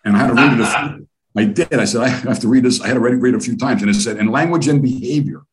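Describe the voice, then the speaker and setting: Rapid-fire and mid-range in pitch, this older man from the US spins long, profane, rambling stories with lots of animation while being interviewed casually as a guest.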